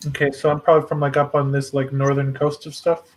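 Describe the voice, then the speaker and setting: A man's voice: medium pitch, monotone, fast talker. A man playing a tabletop game, chatting casually with lots of "like". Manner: casual, peppered with "like". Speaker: player.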